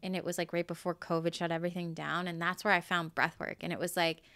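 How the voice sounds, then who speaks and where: Bright, crisp-voiced Boston woman. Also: lowish voice, level tone, quick pace, no room sound. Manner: candid, swears freely, loose and rambling. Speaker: guest, yoga and breathwork facilitator. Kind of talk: casual interview chat.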